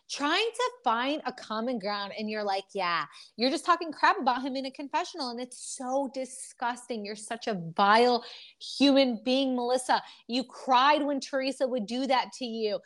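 A woman co-hosting a podcast, recapping a reality TV episode in casual chat and acting out quotes with drama. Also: on the high side. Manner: animated, acts out quotes in dramatic voices. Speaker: podcast co-host.

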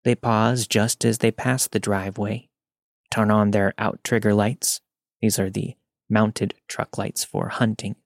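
A man narrating a first-person scary story in a steady, tense read. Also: lowish voice, dry recording, studio quality.

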